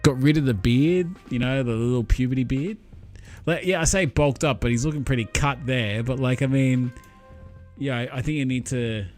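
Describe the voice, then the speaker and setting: A man's voice: medium pitch, moderate pace, a little mellow, faint music behind. A man chatting casually with viewers on a live stream, rambling in an easygoing way with lots of ums and thoughts that trail off.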